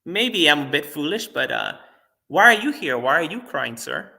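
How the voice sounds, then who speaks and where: A man's voice: fairly high pitch, huge pitch swings, normal speed, gravelly, bright, forceful tone, exaggerated voice. A monk voicing a little boy in a told story, speaking earnestly and simply. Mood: reasoning. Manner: earnest, plain childlike phrasing. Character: little boy, sad yet wise beyond his years.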